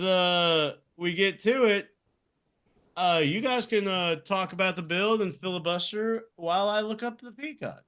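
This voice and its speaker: High, bright-voiced man ranting. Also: smooth. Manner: profane, heated ranting. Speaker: podcast co-host. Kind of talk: casual chat.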